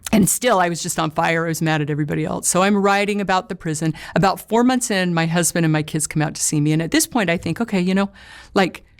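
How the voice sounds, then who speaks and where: A middle-aged woman recounts her own story in an earnest, emotional way. Her voice sits a little low for a woman. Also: quick pace, hardly any pauses. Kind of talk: personal testimony.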